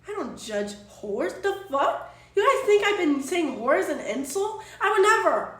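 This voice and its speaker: A woman's voice: sits high, very animated, unhurried. Exasperated streamer woman, echoey and distant. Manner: exasperated, rambling, swears freely. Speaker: Twitch streamer. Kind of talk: casual chat stream. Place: apartment room. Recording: echoey room, distant from mic.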